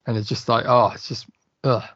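A man's voice: medium pitch, little pitch movement, a little fast, a bit bright, breathy edge, no room sound, muffled recording. A man chatting eagerly and swearing on a film podcast. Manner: enthusiastic, sweary. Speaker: podcast co-host. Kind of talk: casual film podcast chat.

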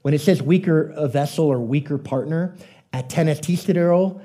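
A man's voice: a little high, a little fast, mellow. A man preaching a sermon in a conversational, joking storytelling way, often asking the congregation questions. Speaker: pastor.

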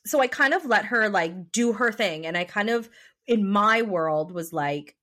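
A young adult woman co-hosting a podcast, telling a personal story in a chatty, animated way with lots of fillers. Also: medium pitch, measured pace. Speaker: podcast co-host. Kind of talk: casual chat.

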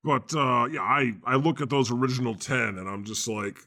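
A man playing God as a laid-back, slangy deity with a deadpan delivery in an improvised comedy interview. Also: medium pitch, moderate pace, gravelly. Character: God, a casual jaded male deity.

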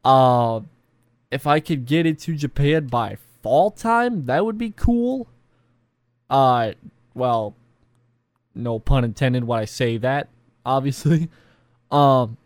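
Young male YouTuber, mid pitch, rambling casual vlog delivery, dry close mic. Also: no room sound. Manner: rambling, self-deprecating, many fillers.

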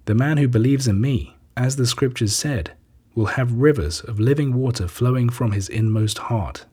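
A man voicing a calm male teacher who speaks with measured, earnest authority in a scripture reading. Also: mid-range voice, slightly rough, close to an everyday voice.

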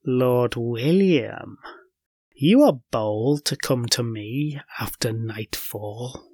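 A man voicing a malign, cunning old witch woman who speaks slowly and secretively. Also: mid-range voice, expressive, a little mellow, breathy edge, dry recording, clean studio sound, pitched below the performer's own voice, heavily acted. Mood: menacing.

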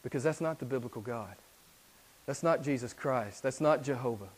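A man preaching a sermon as pastor, moving between quiet, intense passages and loud exhortations. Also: mid-range voice, moderate pace. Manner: swings from hushed to loud exhortation.

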